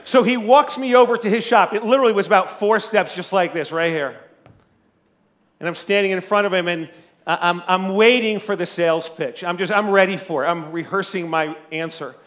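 A male pastor preaching a sermon, telling a story in an animated, conversational way with a loud speaking voice. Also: high-pitched, a little fast.

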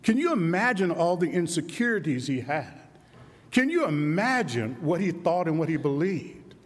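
A man preaching a sermon with animated delivery and frequent rhetorical questions, dropping low and slow when he quotes. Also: big-room sound. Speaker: pastor.

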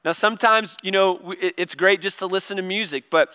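A man's voice: sits high, brisk, sharp tone, clean tone. Man preaching in a ringing hall. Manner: conversational, self-deprecating storytelling with many restarts. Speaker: pastor. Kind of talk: sermon. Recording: long reverb of a large hall.

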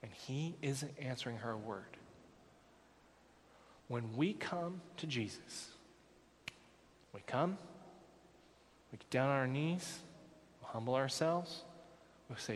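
A man preaching a sermon on a Bible passage, swinging from quiet, low passages up to loud, emphatic peaks. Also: lively intonation, slow pace, long pauses, in a large hall, slight background noise. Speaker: pastor.

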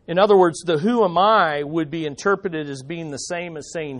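A man preaching a sermon at a church service, animated, putting rhetorical questions to the congregation. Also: a little high, normal speed, hardly any pauses. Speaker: pastor.

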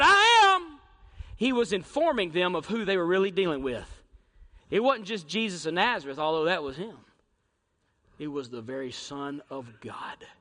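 In a church sanctuary, a male pastor with a high-pitched voice preaches a dramatic sermon, moving from shouts to hushed near-whispers and firing rhetorical questions at the congregation. A long reverb tail follows his words.

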